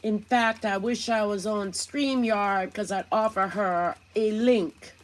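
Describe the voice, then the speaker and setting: Self-pitying Southern woman, as a woman parodies her, slow drawl, melodramatic, unhurried. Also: medium pitch, steady tone, natural voice. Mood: preachy. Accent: put-on Southern US. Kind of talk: parody impression in casual commentary.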